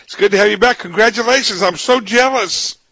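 A man's voice: high-pitched, fairly quick, creaky, sharp tone, dry recording, poor audio. Chatty male radio host, dry studio sound. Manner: chatty, repeats words while searching for phrasing. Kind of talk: casual radio interview.

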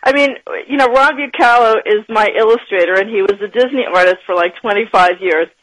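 An enthusiastic woman being interviewed on a radio show tells her stories with animated energy and frequent laughter. Her voice sits at an ordinary pitch for a woman. The sound is dry and close. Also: fairly quick, no room sound, poor audio. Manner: enthusiastic, animated storyteller who laughs often. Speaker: guest, business author and professor.

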